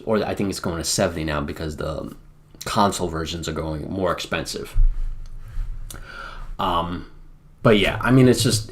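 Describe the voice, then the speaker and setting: An American man streaming a wargame, talking in a rambling, casual way with lots of fillers. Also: sits low. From United States. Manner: rambling, filler-heavy, chatty. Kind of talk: casual live-stream commentary.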